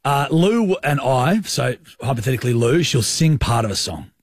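A man with an Australian accent co-hosting a radio show, telling a story in animated, colloquial banter. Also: medium pitch, normal speed, breathy edge, no echo. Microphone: studio microphone.

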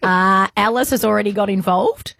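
A woman's voice: medium pitch, vocal fry, noisy background. A woman co-hosting a radio show, teasing her co-host in casual banter. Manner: teasing, quick to laugh.

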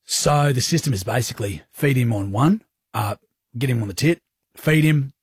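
A man with an Australian accent, co-hosting a radio show and telling a lively story, acting out voices and sounds as he goes. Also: mid-range voice, moderate pace, slightly rough, no echo, clean studio sound. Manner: animated storyteller who acts out voices and sounds. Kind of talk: casual banter, telling a story.

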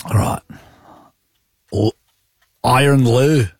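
A man's voice: medium pitch, a little mellow, no room sound, studio quality, soft background music. A man co-hosting a radio drive show, joking with his co-host and reading quiz questions. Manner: jokey, quick, matey.

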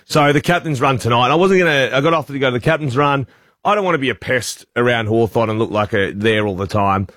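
A man's voice: mid-range voice, fast, a bit bright, no echo. An Australian man in his forties hosting breakfast radio, spinning a story and playing out each line of dialogue. His voice sits in the middle of the male range, and the studio sound is dry and close. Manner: storytelling, acts out quotes. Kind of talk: casual radio banter, anecdote. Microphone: studio mic.

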